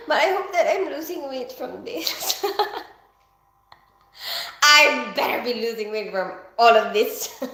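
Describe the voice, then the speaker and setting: Chatty middle-aged woman hosting a home livestream, a touch higher voice, greets viewers as she goes. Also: fairly bright tone. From Philippines. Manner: chatty, reads out viewer comments and greets them by name. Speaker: livestream host. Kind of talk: casual live chat. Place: home kitchen.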